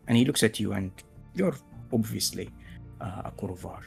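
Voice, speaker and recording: A man's voice: on the low side, moderate pace, vocal fry, faint music behind. A man narrating a tabletop game as game master, hesitant and full of fillers as he voices other characters.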